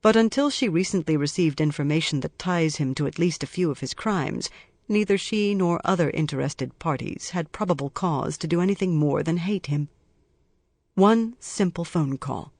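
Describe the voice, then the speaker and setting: A man reading a crime novel aloud in even, measured scripted narration. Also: on the high side, no echo. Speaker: audiobook narrator.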